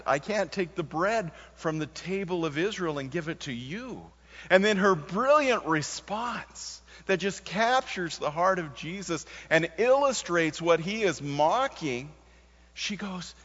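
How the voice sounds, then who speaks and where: Guy preaching in a big church hall, kinda high voice, quiet then punchy, sound a bit muffled and echoey. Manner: swings from quiet to emphatic, stresses key words. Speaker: pastor. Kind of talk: sermon.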